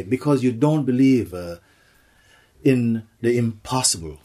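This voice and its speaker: A man's voice: mid-range voice, unhurried, darkish tone. A man giving a spiritual satsang talk, playful, slipping into acted voices and laughter. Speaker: spiritual teacher.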